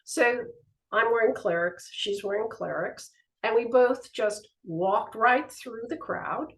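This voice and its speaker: A woman's voice: a little high, slow, poor audio. A woman giving a spiritual teaching talk, telling personal stories with animation and acting out the voices in them. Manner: animated storytelling, acts out the voices in her stories.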